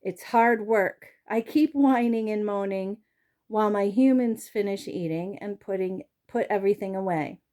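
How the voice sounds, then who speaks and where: A woman reading a children's chapter book aloud with an expressive, storytelling delivery. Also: medium pitch, moderate pace. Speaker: reader.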